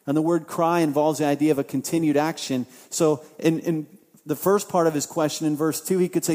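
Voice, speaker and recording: A man preaching a sermon, swinging from loud, impassioned outbursts to quiet appeals and repeating phrases for emphasis. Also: a little high, fairly even intonation, brisk. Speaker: pastor. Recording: long hall reverb.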